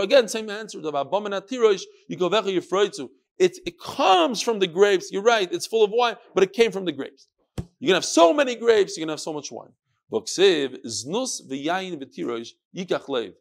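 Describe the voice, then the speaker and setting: A man teaching a Talmud class in a lively, questioning manner, sprinkling in Yiddish and Hebrew terms to students in a study hall. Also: sits high, creaky.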